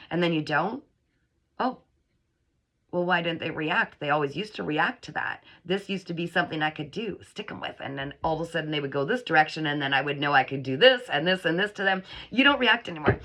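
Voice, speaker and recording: A middle-aged woman giving a chatty, animated channeled psychic reading to her viewers, acting out whiny voices as she goes. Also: lowish voice. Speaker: psychic reader. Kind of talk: channeled spiritual reading to camera.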